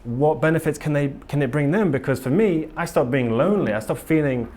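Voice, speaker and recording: A man's voice: a little high, brisk, a little mellow. Earnest rambling man giving a talk. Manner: rambling and earnest, with frequent ums and restarts. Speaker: conference speaker. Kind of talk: casual conference talk to a live audience. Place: conference room.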